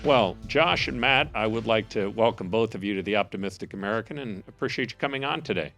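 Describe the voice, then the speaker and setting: A man's voice: fairly low pitch, quick pace, vocal fry, faint music behind. A man hosting a podcast, giving an earnest, upbeat intro and then interviewing his guests. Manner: earnest, patriotic, animated. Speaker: podcast host.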